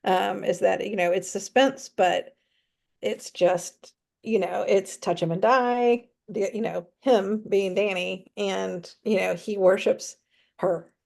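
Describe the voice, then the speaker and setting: Gravelly-voiced woman chatting casually. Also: medium pitch, steady tone, slow, a little mellow. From North Carolina. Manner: chatty, many fillers, laughs easily. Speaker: author guest. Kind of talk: casual chat.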